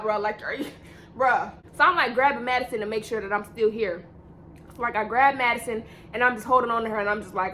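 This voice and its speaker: A young woman tells a casual storytime vlog in a bright, slightly high voice. She rambles and repeats herself in loose slang. A faint hiss sits under the recording. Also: quick pace. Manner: rambling, repetitive slang-heavy storytelling with laughs.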